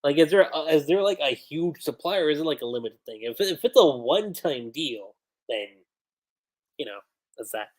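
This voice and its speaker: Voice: mid-range voice, animated, moderate pace, a little mellow. A manga reviewer recapping chapters on a casual livestream, chatty and laughing often.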